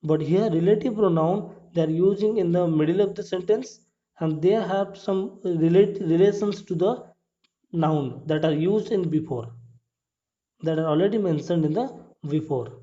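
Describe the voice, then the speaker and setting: A man teaching English grammar step by step in non-native English, repeating his points and checking with "clear?". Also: high voice, normal speed, warm tone. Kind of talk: classroom grammar lesson. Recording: dull lo-fi recording.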